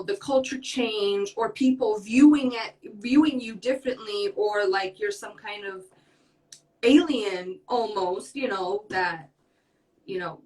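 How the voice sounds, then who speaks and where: A woman in her twenties from the United States, a podcast guest talking earnestly and rambling a little, with many fillers. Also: mid-range voice. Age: 20s. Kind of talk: casual interview talk. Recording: voice from far off the mic.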